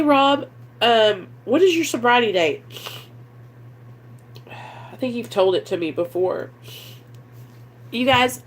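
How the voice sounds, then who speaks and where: A woman's voice: fairly high pitch, fairly bright tone. A woman vlogging in a casual, emotional chat to camera, close to tears, gushing and rambling with many fillers, with a Midwestern American accent. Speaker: vlogger in recovery.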